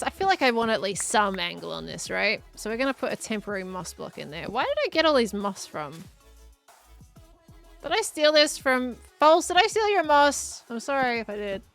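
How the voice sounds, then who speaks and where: With a mid-range voice, vocal fry, and a fairly bright tone, a young Australian woman streams a game live. She's chatty, reads messages from chat and replies as she builds, and breaks into quick laughs.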